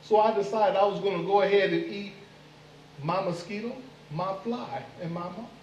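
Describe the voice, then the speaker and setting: A man's voice: high voice, steady tone, moderate pace, darkish tone, lo-fi sound, a little hiss or hum, close to an everyday voice. A man voicing a sly male trickster spider in a told folk tale, with a drawling, exaggerated delivery. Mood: boastful. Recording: echoey room, mic far off.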